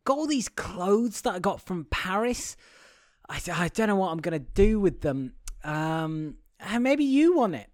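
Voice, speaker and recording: A man voicing a young woman from a film in a high, airy impersonation while retelling the plot. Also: sing-song, unhurried, no echo, studio quality. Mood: breezy.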